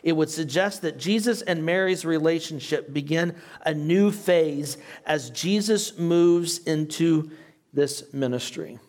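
Slightly high and a little mellow, this male pastor speaks unhurriedly with a light foreign accent, as a non-native English speaker. He teaches a Bible study in a chatty way and asks his class questions.

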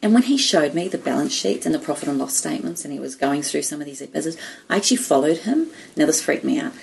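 A woman's voice: low voice, expressive, fast, gravelly, slight background noise, poor audio. A middle-aged woman in casual conversation, telling personal business stories with feeling and acting out what others said. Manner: warm storytelling, emotional, quotes others animatedly. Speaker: guest. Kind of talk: casual chat.

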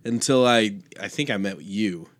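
A man's voice: on the low side, measured pace, dry recording. A man co-hosting a podcast, chatting casually and cheerfully about Bible study and cracking jokes along the way. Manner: upbeat, jokey, affirming. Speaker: podcast co-host.

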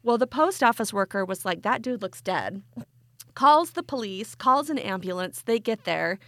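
A woman co-hosting a podcast, chatting casually and telling a story in a giggly, animated way. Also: a little high, normal speed, no room sound. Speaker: podcast co-host. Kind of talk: casual chat.

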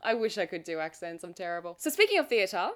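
An Australian woman hosting a casual podcast chat, cheeky and teasing, quick to laugh. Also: on the low side, sing-song, fairly bright tone. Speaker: podcast host.

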